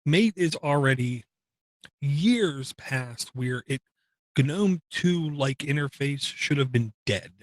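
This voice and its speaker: An older man with a mid-range voice talks bluntly in a casual podcast chat, quick to declare what people should give up. His tone is grumpy and opinionated. The sound is close and dry, with no room around it. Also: mid-range voice, expressive, no echo. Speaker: podcast co-host.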